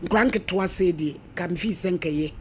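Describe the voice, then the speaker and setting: A man's voice: high voice, a little fast, a little hiss or hum. A male radio host mediating a family dispute on air, probing and questioning the caller. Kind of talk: radio talk show mediation.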